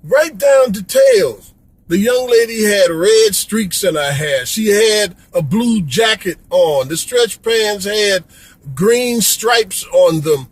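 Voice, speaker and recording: A man's voice: sits high, lively intonation, slow, husky, no echo, low-quality recording. A middle-aged man from Chicago, delivering an impassioned, pleading rant as a vlogger and repeating "come on, man.". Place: Florida.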